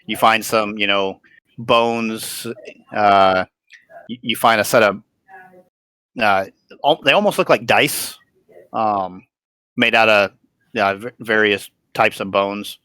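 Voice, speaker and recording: Halting low-voiced game master. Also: male voice, bright, forceful tone, clear, resonant tone, dry recording. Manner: halting, many restarts and fillers. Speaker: dungeon master. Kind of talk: narrating a tabletop game.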